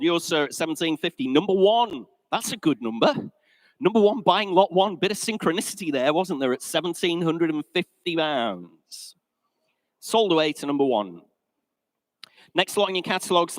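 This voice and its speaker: A man with an English accent calling a live classic vehicle auction in a sale room, brisk and chatty, joking with the bidders. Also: high voice, a bit bright, no room sound, poor audio.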